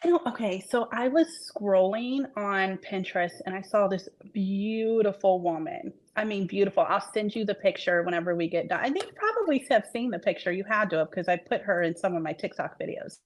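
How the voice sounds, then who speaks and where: A woman's voice: medium pitch, expressive, fairly quick, few pauses. A woman author talking casually in an interview, earnest and reflective, trailing off with fillers as she thinks aloud. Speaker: author guest.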